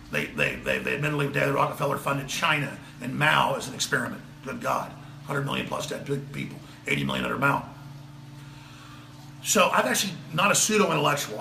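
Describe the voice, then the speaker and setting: A man's voice: mid-range voice, creaky, sharp tone, echoey room, a little hiss or hum. A man with a Texan accent delivering a heated, sarcastic political monologue as a talk show host. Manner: rapid-fire, sarcastic, indignant.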